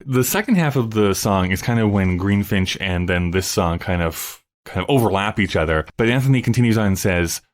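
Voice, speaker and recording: Podcast host guy, lowish voice, keen and chatty, lots of "like" and "um". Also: lively intonation, brisk, hardly any pauses. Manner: enthusiastic, explains at length with fillers. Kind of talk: casual chat.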